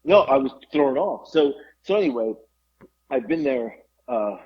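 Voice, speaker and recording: A man co-hosting a podcast, telling a story in animated casual chat and laughing often. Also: mid-range voice, unhurried, highs cut off, a crowd in the background. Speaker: podcast co-host.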